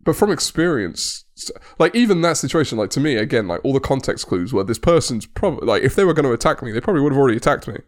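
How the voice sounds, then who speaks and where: A man's voice: medium pitch, very animated, quick pace, few pauses. A man, co-hosting a chat podcast and earnestly sharing his views. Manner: earnest, reflective, many "like" fillers. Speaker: podcast co-host. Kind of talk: casual chat.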